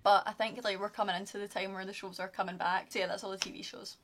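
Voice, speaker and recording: A woman's voice: mid-range voice, flat delivery, fast talker, background noise. A young Scottish woman chatting casually to camera as a vlogger, gushing about her favourites with lots of fillers. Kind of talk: casual chat.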